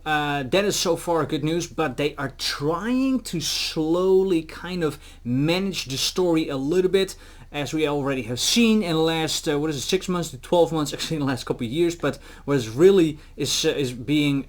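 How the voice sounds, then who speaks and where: Male trading commentator, slightly high pitch, chatty, filler-heavy delivery. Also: moderate pace. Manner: animated, acts out officials in quotes, many fillers. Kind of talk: casual market commentary to camera.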